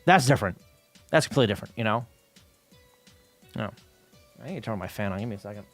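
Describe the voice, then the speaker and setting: A man streams himself coding a game, chatting casually and rambling to viewers, reading chat aloud, dropping lots of fillers, and swearing offhandedly. His voice is on the low side, expressive, and fast. Soft music plays in the background.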